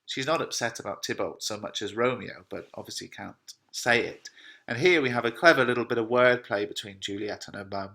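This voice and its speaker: A man's voice: fairly low pitch, gravelly, bright, forceful tone. A man, a teacher explaining a play line by line in plain conversational paraphrase. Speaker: English teacher.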